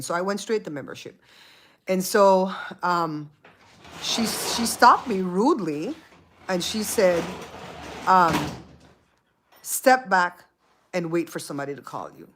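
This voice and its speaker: A woman's voice: normal speed, background noise. A middle-aged woman hosting her own channel, telling a story casually and acting out what people said. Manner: animated storyteller, acts out quotes with big pitch jumps. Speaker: channel host.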